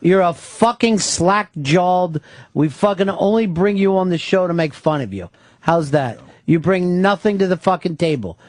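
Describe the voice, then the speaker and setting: In a radio studio, a middle-aged male host rants angrily on air and swears at a caller, scolding him in a heated, profane way. His high-pitched voice is expressive and darkish in tone, at normal speed, captured dry on a studio microphone with no echo.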